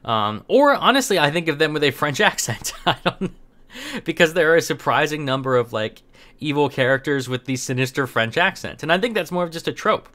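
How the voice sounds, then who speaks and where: Bright-voiced young man rambling commentary. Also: fairly high pitch, expressive, a little fast. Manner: rambling, many fillers and restarts. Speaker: commentary host. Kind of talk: casual opinion commentary.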